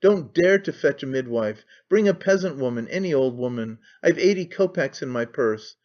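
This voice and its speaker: A man's voice: mid-range voice, animated, normal speed, darkish tone, lightly acted. A man reading aloud who voices a sick young woman in labour, scornful and in pain, in a dull lo-fi recording. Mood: angry, anguished. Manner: scornful and imperious.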